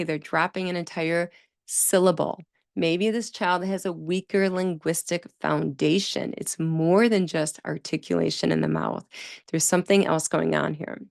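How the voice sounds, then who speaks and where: A woman's voice: lowish voice, vocal fry, dry recording, clean studio sound. A woman hosting a speech therapy podcast, explaining in a conversational, emphatic way. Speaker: speech-language pathologist podcast host. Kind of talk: solo educational podcast talk.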